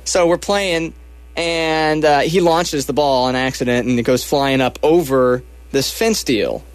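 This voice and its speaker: Young man telling a lively anecdote. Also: on the high side, measured pace, no room sound. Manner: animated, self-mocking, acts out quoted lines.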